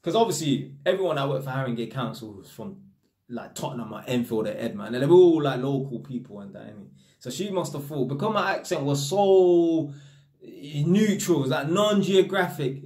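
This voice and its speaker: A young man with a London accent, talking casually to camera in street slang and telling stories with energy. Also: fairly high pitch. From North London. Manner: slangy street talk, animated storytelling. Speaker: vlogger.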